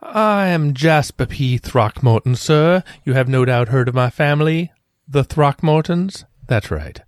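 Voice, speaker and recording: A man's voice: fairly high pitch, lively intonation, no room sound, studio quality. A man putting on a pompous rich shopkeeper. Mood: haughty. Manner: haughty, drawn-out, self-important. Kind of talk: tabletop role-play.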